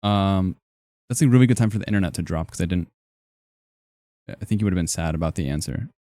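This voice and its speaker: A man's voice: low voice, fast, dark tone, no echo. A young man streaming live, chatting casually and joking as he reacts to his chat in a rambling way.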